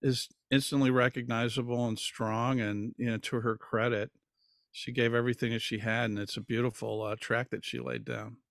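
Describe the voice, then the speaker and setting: A man's voice: medium pitch, little pitch movement, normal speed, vocal fry, a bit bright, no room sound, clean studio sound. A man hosting an interview, giving supportive remarks and asking questions. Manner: supportive, asks questions, short affirmations. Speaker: interview host. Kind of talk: conversational interview.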